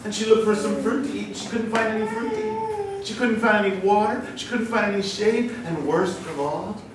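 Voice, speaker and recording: A man telling a folktale to schoolchildren, playful and animated, with a voice that swoops and sings. He is recorded from far off in a large, reverberant school hall, with steady noise underneath. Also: high voice, moderate pace. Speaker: storyteller and musician. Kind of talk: storytelling to children. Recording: echoey hall from far off, noisy.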